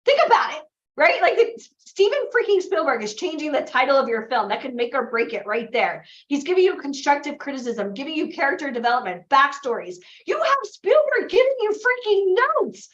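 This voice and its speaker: A woman's voice: sits high, lively intonation, a little fast, a bit bright. A woman coaching aspiring actors and models at a live seminar, telling stories and checking in with "right?". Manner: chatty storyteller, often adds "right?". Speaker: acting and modeling bootcamp coach. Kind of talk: motivational seminar talk to a live group. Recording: echoey, slightly dull room recording.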